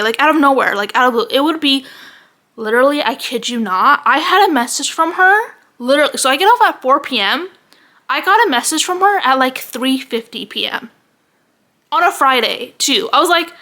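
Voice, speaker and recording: Young woman vlogger, high bright voice, animated sweary rant, slightly out of breath. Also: brisk. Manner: animated, heavy use of "like", swearing. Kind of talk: casual ranting vlog.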